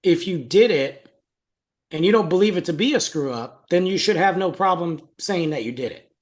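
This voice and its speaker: A man's voice: sits high, animated, moderate pace. Podcast co-host, young adult man, chatty storyteller who quotes others. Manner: storytelling, acts out quotes, laughs often. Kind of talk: casual podcast chat.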